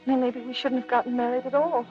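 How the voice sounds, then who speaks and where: An actress playing a sweet, eager young bride in a 1930s film. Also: female voice, sits high, little pitch movement, quick pace, muffled recording, faint music behind, close to an everyday voice. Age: young adult.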